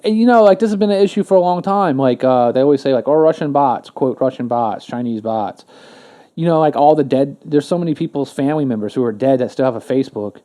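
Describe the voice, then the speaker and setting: A man's voice: medium pitch, quick pace, warm tone. A man co-hosting a podcast in casual chat, rambling and swearing with lots of fillers and restarts. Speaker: podcast co-host.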